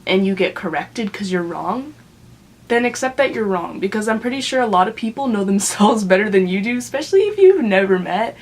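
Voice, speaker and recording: A young woman from Canada telling a story to camera in a casual, chatty rant, full of fillers and laughing mid-sentence. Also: mid-range voice. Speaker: vlogger.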